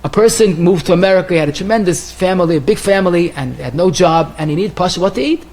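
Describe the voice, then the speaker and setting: A man, a rabbi, giving a Torah lecture, telling stories in an animated way with wide swings of pitch and pace. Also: fast talker. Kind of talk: lecture sermon with told stories.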